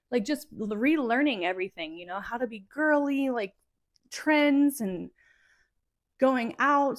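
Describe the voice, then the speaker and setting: A woman in her thirties hosting a solo podcast, talking in a rambling, emotionally charged way, full of "like" fillers. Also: a little high. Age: 30s. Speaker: podcast host. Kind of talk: casual solo podcast monologue.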